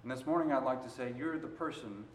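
Man, preacher, sermon, medium pitch, echoey room, swings between quiet and forceful. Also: fast talker, a little hiss or hum. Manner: rises and falls between quiet and loud emphasis. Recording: roomy echo.

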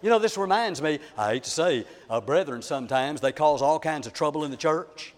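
A man's voice: on the high side, lively intonation, a little fast, long reverb tail. A man preaching a sermon, telling a story in a dramatic, folksy way to the congregation.

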